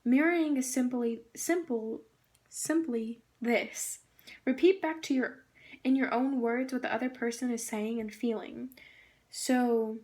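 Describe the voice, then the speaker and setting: A woman's voice: a little high, dark tone. A young woman giving a casual presentation on a book, reading quotes aloud and gushing with many fillers. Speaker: student presenter.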